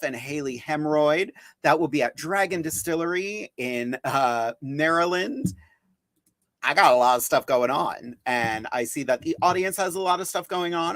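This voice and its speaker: Man, drag show host, higher voice, close dry mic, campy and bubbly. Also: a bit bright, dry recording. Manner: bubbly, promo-heavy, campy banter. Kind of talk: live-stream chat show hosting.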